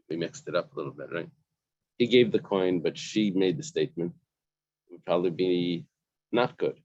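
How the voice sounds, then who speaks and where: A man with a lowish voice leads a relaxed study-group class, walking his listeners through the text one phrase at a time and restating each line in plain English. The sound is dry and a bit dull, as if from a lo-fi recording. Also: no room sound. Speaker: Talmud teacher.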